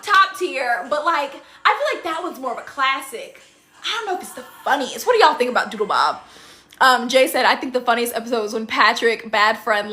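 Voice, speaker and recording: A young woman hosts a casual live stream from indoors, talking into her phone as she reads comments aloud. Her voice is high and bright and jumps all over the place, and she laughs often and slips into goofy cartoon impressions. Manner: laughs often, animated, quotes cartoon lines in silly voices. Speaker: TikTok live host.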